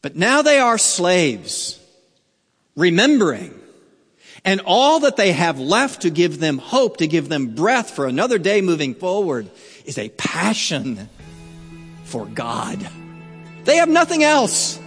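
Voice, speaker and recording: A man preaching a sermon as a pastor, telling a story slowly and earnestly, sometimes dropping to a near hush. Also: high voice, sing-song, slightly rough, faint music behind. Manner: slow, earnest storytelling with wide swings in loudness. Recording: long hall reverb.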